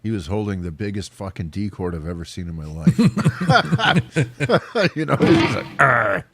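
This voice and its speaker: A man's voice: fairly low pitch, a little slow, slight background noise. A man co-hosting a casual guitar chat, blunt and swearing freely as he gets worked up about playing. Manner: blunt, swears freely, animated when excited.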